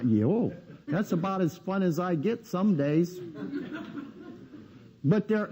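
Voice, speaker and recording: A man's voice: high-pitched, mellow, dull audio. A man giving a live seminar lecture in a blunt, needling way, firing rhetorical questions at his audience.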